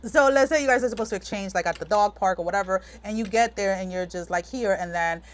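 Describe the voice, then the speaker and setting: A woman's voice: medium pitch, fast talker. A woman giving a casual pick-a-card tarot reading, talking frankly and rambling with lots of fillers and restarts. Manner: chatty, meandering, many fillers and restarts; frank, direct address to the viewer. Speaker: tarot reader.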